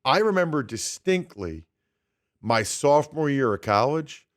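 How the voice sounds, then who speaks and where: A man's voice: mid-range voice, very animated, a little slow. A man in his forties guest-hosting a sports talk radio show, telling stories with animation and asking each panelist in turn. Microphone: studio microphone.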